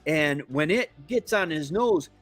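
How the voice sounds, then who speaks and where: A man from Florida who hosts a homestead live stream, telling a casual story in a meandering, halting way. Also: a little high, animated, a bit bright, dry recording, soft background music. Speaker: homestead channel host.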